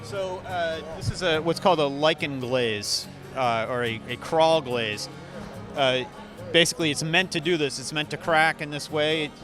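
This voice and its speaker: A man from North Carolina, a potter explaining his glaze work in a calm, explanatory way with a few fillers. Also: on the high side, moderate pace, music in the background. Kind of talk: explaining his craft in an interview. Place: outdoor festival booth.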